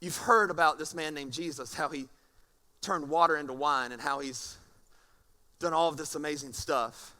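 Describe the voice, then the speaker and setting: A man preaching a sermon as pastor, animated and often repeating words. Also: fairly high pitch, normal speed.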